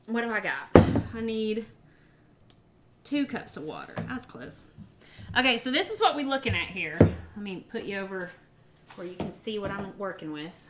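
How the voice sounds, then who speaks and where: A woman, chatting casually and giggling with her viewers as she cooks in her home kitchen. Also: medium pitch. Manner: chatty, giggly, rambling, talks to viewers while cooking. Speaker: cooking livestreamer. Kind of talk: casual cooking livestream chat. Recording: loud background noise.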